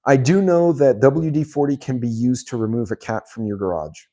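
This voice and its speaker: A man's voice: medium pitch, normal speed, warm tone. A middle-aged man hosting his channel, casually reading viewer comments and telling a rambling story, with many ums and frequent laughs. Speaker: channel host.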